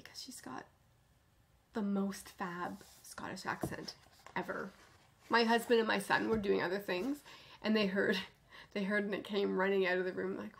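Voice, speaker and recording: Chatting casually on her knitting podcast, this host bubbles with enthusiasm and frequently drops to a gentle near-whisper. She has a gravelly, medium-pitched voice.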